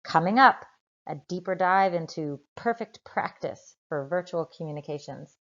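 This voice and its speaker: Deep-voiced woman host, calm sign-off, dull lo-fi sound. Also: moderate pace. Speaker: video host. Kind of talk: scripted sign-off.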